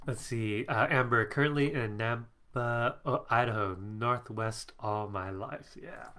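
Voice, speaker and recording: Middle-aged man, stuffy allergy voice, bright tone, chatty live-stream host reading comments. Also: mid-range voice, unhurried, slight background noise. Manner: chatty, reads out viewer comments, laughs often. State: congested from allergies. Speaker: psychic coach hosting a live stream. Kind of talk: casual live-stream chat. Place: home office.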